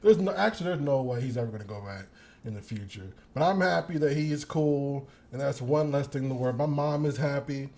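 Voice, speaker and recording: A young man hosting a show, telling a story in a casual monologue. He is animated and profane, laughs often, and acts out the quotes. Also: mid-range voice, a little fast. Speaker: podcast host.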